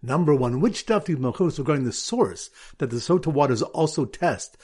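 Husky, lively-voiced rabbi teaching Talmud. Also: male voice, on the high side, fairly quick. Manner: lively teaching voice, sing-song Aramaic reading. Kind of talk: Talmud lesson with memory aids and a quiz.

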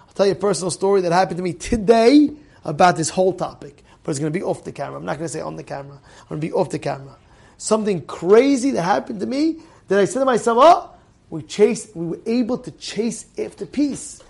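A man, a rabbi, giving an animated sermon, repeating phrases for emphasis and swinging between loud exclamations and quiet asides. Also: sits high, fast talker, creaky. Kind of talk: animated Torah class sermon.

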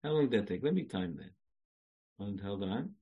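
A man's voice: on the low side, expressive, normal speed, breathy edge, phone-quality sound. A man giving a religious lecture, repeating short phrases, laughing and breaking into song. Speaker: Jewish lecturer.

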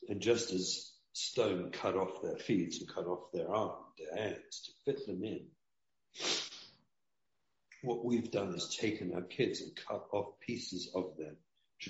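Male rabbi guest, low voice, earnest preaching tone, echoey lo-fi recording. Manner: earnest, preaching, repeats key lines. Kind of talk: emotional interview talk. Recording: dull roomy sound.

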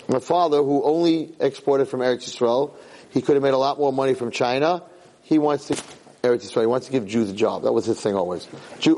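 A middle-aged man, a rabbi giving a Torah lecture, who tells a personal story in an animated, emphatic way and often repeats words and restarts phrases. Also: mid-range voice, poor audio.

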